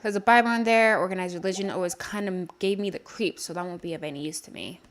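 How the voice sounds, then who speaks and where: A woman's voice: fairly low pitch, fast, lightly acted. A woman voicing a driven British journalist. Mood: wry. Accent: put-on British.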